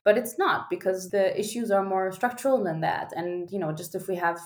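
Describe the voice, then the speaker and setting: A young woman, a singer and activist, talking about her work in a podcast interview, animated, laughing often and restarting her sentences. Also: mid-range voice, brisk. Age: young adult. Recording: roomy echo.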